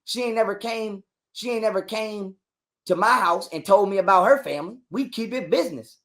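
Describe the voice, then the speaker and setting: A man telling a long story in a casual interview, animated and full of cursing and repetition. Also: high-pitched, fairly quick. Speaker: guest telling his story.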